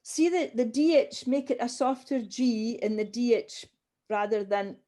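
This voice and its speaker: A woman leads a language class at an unhurried pace. Her voice is mellow and soft-edged. She patiently drills each sound and calls on her learners one by one. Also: on the high side. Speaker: language teacher. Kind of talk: online group language class.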